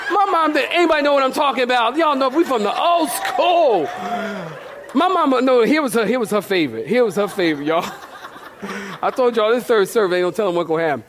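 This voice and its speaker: A male pastor preaching a sermon in church, animated and playful, acting out the people in his comic stories. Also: extremely high pitch, fairly quick, a crowd in the background, background noise. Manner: animated, playful, acts out shouting voices. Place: church sanctuary.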